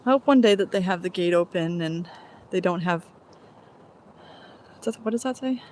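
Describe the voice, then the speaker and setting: Walking outdoors, a woman streams live on her phone, rambling and meandering between ideas with a sigh here and there. She speaks at normal speed in a lowish voice with a darkish tone.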